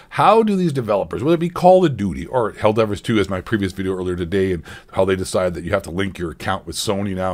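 Fast-ranting, sarcastic young man. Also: medium pitch. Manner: sarcastic, profane and exasperated. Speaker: gaming commentary host. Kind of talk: ranting gaming commentary.

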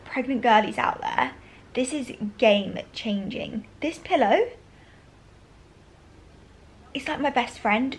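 Chatty woman, slightly high voice. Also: sing-song, unhurried, long pauses, a little hiss or hum, rough recording. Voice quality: chatty, gushing, many fillers. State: out of breath. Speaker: vlogger. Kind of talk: casual vlog chat to camera.

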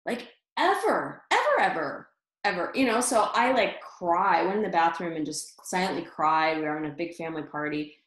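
A middle-aged woman guesting on an interview shares a personal story animatedly, laughing often and restarting sentences in a lowish, brisk voice. The recording has a roomy echo.

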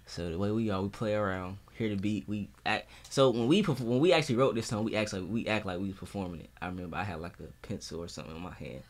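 A young man from North Carolina, a guest musician, telling a story in a relaxed way and laughing easily. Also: lowish voice, fast talker, few pauses. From Charlotte, North Carolina. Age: young adult. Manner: laid-back, laughs easily while telling stories.

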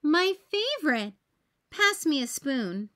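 A bossy, practical little girl from a storybook, read by a woman. She gives orders matter-of-factly in a raised, lively voice, slow and deliberate. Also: sits high, exaggerated voice.

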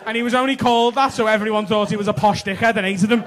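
A man's voice: high voice, fairly even intonation, very fast. A young man with a Scouse accent doing blunt, teasing crowd work as a stand-up comedian on a club stage. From Liverpool. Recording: live club with loud crowd and noise.

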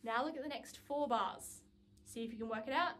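A woman with a high, light voice leads a saxophone lesson. She speaks patiently, breaking each exercise into small steps and counting the rhythm aloud. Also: a little fast, a bit bright. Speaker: music teacher.

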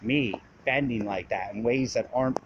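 A man records himself on his phone, telling a story in a casual, animated and profane way. His pitch sits in a middle range. The audio is muffled, with steady background hiss. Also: normal speed. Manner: profane, rambling, animated retelling. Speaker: vlogger.

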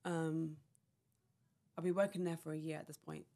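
A woman's voice: sits low, fairly even intonation, normal speed, gravelly, dark tone. A young woman on a podcast, telling a personal story in a rambling way, full of "like" and acted-out quotes. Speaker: podcast guest.

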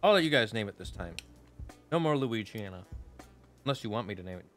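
A man's voice: lowish voice, lively intonation, a little fast, fairly bright tone, soft background music. A man chatting playfully with his viewers while streaming a game. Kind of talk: casual live-stream chat while gaming.

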